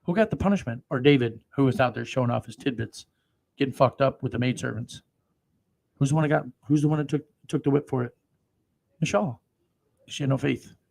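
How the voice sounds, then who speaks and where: A male preacher with a gravelly, fry-laden voice, reading Bible verses in a slow, deliberate cadence. He swings into profane, emphatic commentary and erupts loudly at times. His pitch sits in an ordinary middle range. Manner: profane, swings between slow solemn reading and loud outbursts. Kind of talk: scripture reading with crude live commentary.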